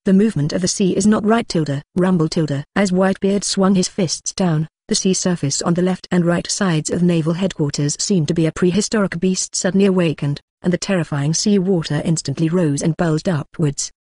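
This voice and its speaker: A synthetic text-to-speech voice reading a novel aloud as an audiobook narrator, flatly reading out punctuation marks. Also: medium pitch, normal speed, few pauses, no echo, studio quality.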